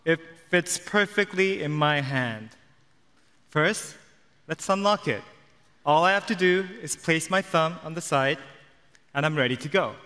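Product demo, man, slow and bright-toned, step-by-step, echoey hall. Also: a little high, lively intonation. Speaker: product demonstrator. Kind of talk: live onstage product demo. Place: large auditorium stage. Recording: echoey auditorium with long reverb.

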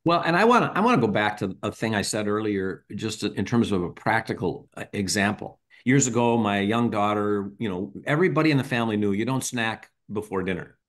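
A man's voice: on the low side, a little fast, few pauses. A man on a parenting podcast, talking casually and animatedly, acting out bits of dialogue as he explains. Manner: animated storyteller, acts out dialogue.

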